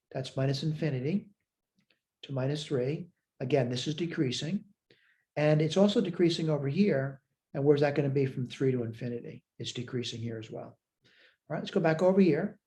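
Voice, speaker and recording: A man's voice: on the high side, dark tone. A man teaching a recorded math lecture, talking through worked steps aloud and checking his own work as he goes. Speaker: math instructor.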